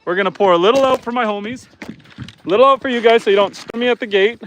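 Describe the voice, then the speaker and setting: A man's voice: extremely high pitch, fast, a bit bright, slight background noise. A man hosting a casual live stream outdoors on his farm, chatting with viewers and calling to his animals. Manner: chatty, reads viewer comments aloud, calls to animals. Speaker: homesteader live-streaming host.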